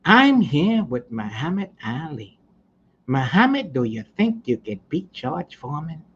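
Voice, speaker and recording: A man impersonating a sports interviewer who speaks in a slow, deliberate, drawn-out way. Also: a little high, very animated, fairly bright tone, slight background noise, voice pushed down. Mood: needling. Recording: muffled lo-fi recording.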